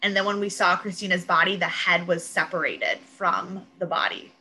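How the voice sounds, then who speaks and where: A woman co-host chats casually about a TV episode, her voice bright and clear. She retells scenes with lively energy, dropping into quick impressions of the characters. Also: lowish voice, rough recording. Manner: animated retelling, quoting characters. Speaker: podcast co-host. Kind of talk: casual TV recap chat.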